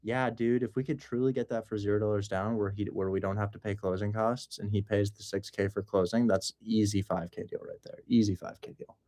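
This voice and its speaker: A young man hosting a casual livestream, excitable and joking. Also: fairly low pitch, a little fast, hardly any pauses. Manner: excitable and joking, breaks into loud mock accents. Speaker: host of a livestream on real estate wholesaling.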